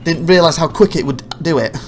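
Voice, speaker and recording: A man's voice: a little high, brisk, soft background music. A man narrating his own gameplay footage as a let's play, rambling through anecdotes with frequent restarts. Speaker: gameplay commentator.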